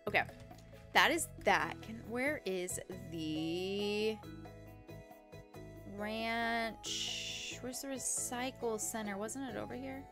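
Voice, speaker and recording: A woman's voice: fairly high pitch, slow pace, long pauses, music in the background. A young woman casually chatting and swearing as she streams a farming game. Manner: chatty, swearing, self-mocking. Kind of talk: casual gameplay commentary.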